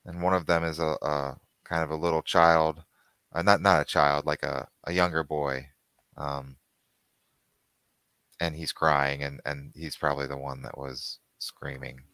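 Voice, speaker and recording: A man's voice: very deep voice, flat delivery, a little slow, sharp tone, clear, resonant tone, dry recording. A man narrating a tabletop game as its game master, describing scenes in a casual storytelling way.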